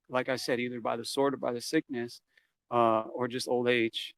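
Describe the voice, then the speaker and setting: A man's voice: medium pitch, flat delivery, moderate pace, a bit bright. A man telling a story from his past in a casual interview. He swears freely and acts out the quoted lines as he goes. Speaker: interview guest.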